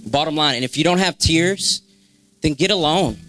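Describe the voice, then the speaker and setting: A man's voice: fairly high pitch, moderate pace, fairly bright tone, soft background music. A young man giving a spontaneous, fervent exhortation in a church, repeating phrases for emphasis. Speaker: church member sharing a word. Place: church sanctuary.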